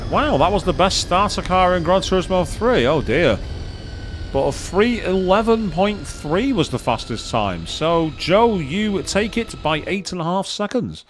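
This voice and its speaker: A man chatting excitedly as he commentates his own racing game play, thinking aloud to viewers. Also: sits high, measured pace. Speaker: gaming streamer. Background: game music and engine sounds.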